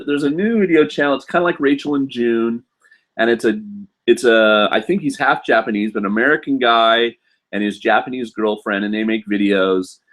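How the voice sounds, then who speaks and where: A man's voice: on the low side, fairly bright tone. A man hosting a live question-and-answer stream, talking casually with lots of ums and restarts while he reads comments. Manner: rambling, filler-heavy, chatty. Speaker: host.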